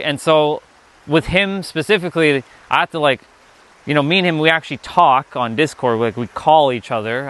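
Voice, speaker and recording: A man's voice: a little high, bright, forceful tone, clean tone. A young man giving a casual live-stream talk as a spiritual teacher, rambling and restarting his sentences often.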